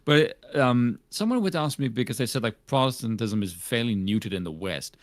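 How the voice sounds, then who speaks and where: A man from South Africa in casual live-stream chat, blunt and quick to laugh. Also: medium pitch, lively intonation, no echo.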